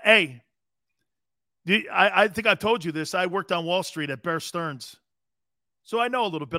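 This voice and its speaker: A man in his fifties hosting a live show, chatting casually as an animated storyteller who chuckles often. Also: high voice, no echo, studio quality. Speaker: show host. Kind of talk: casual livestream talk.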